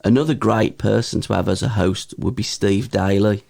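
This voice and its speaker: A man's voice: on the low side, steady tone, moderate pace, creaky, darkish tone. A man hosting a casual podcast chat, giving short agreeing replies and asking friendly questions. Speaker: podcast host.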